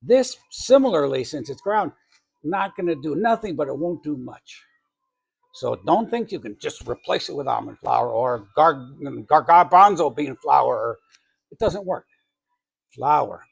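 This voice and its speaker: A middle-aged New England man with a fairly high, slightly rough voice and some vocal fry walks through a cake recipe in his home kitchen. He hosts a home baking channel, and his unhurried, lively delivery is full of rambling, self-corrections and chatty asides.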